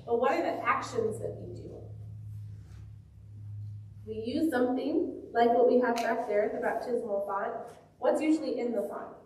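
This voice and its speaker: A woman pastor leading a children's sermon in a church, gently asking the children questions. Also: on the high side, moderate pace, long pauses, slight background noise. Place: church sanctuary. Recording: very echoey church, mic far off.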